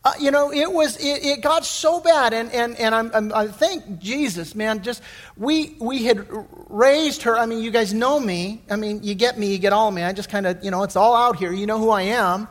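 Animated folksy pastor in echoing hall. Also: male voice, high voice, moderate pace. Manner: folksy, animated storytelling with many restarts. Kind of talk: sermon. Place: church sanctuary.

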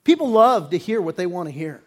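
A male pastor delivering a sermon with emphatic preaching, punching words loudly and then dropping low, and acting out quoted attitudes. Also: big pitch swings, a little fast. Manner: emphatic preaching with sudden loud stresses and drops; acts out quoted attitudes in character.

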